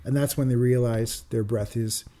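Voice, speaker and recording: A man co-hosting a podcast, casually reviewing films with animated retelling and loose swearing. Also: mid-range voice, moderate pace. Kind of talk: casual film review chat.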